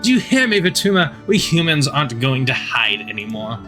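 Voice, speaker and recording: A man putting on a booming domineering governor. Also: very animated, normal speed, sharp tone, soft background music. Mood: rousing. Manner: booming speechmaking, pushy. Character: stern male colony governor, domineering.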